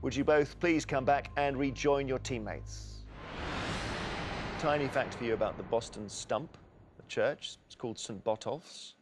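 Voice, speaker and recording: A man hosting a quiz show, reading out questions and multiple-choice answers in a measured way. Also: mid-range voice, loud music behind the voice. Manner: measured, reads questions clearly. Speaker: quiz host.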